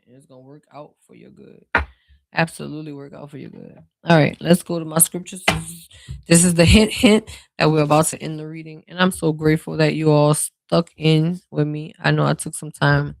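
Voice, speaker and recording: A tarot reader with a New Orleans accent, talking casually and directly to the viewer with relaxed, drawn-out phrasing. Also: mid-range voice, creaky, dry recording. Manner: reassuring, speaks straight to the viewer. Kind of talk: casual spiritual card reading.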